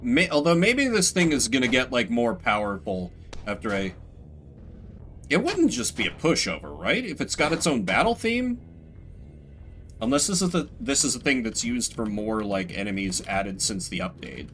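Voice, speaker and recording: Animated, bright-voiced man gaming. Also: medium pitch, normal speed. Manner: animated, chatty, self-mocking. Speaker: streamer playing a horror game. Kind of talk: let's play commentary. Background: faint game music.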